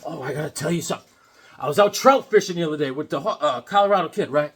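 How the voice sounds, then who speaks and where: Casual comics vlogger, male, slightly high pitch, rambling and jokey. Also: fast, husky. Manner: rambling, jokey, drifts between topics and puts on silly voices. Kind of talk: casual chat about comics.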